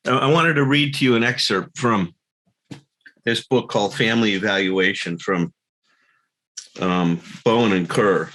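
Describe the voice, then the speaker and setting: In a lowish, fairly bright voice, a man speaks a little slowly to a recovery group, pausing often. He's earnest, chuckles at himself at times, and reenacts minor quarrels using quoted voices.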